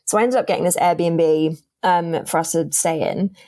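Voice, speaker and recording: A woman's voice: fairly low pitch, moderate pace. A young woman, a podcast guest telling a dating story in casual chat and acting out the lines of the people in it. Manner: animated storyteller, acts out quotes.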